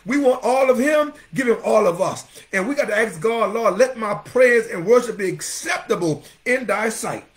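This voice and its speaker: A male pastor delivering a fervent sermon in a high, lively voice that swoops up and down from line to line. He keeps calling out members of the congregation by name as he preaches. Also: moderate pace, hardly any pauses.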